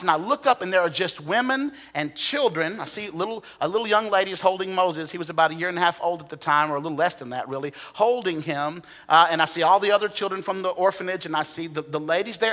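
Male preacher, somewhat high and bright voice, dramatic hushed-to-excited storytelling, reverberant sanctuary. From United States. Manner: dramatic storytelling, dropping to hushed tones and rising to excited bursts. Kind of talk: sermon storytelling. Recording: long hall reverb.

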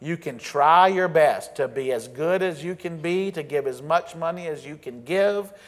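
A man preaching a sermon as pastor, earnest and emphatic, slowing down to stress key phrases. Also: a little high. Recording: long reverb of a large hall.

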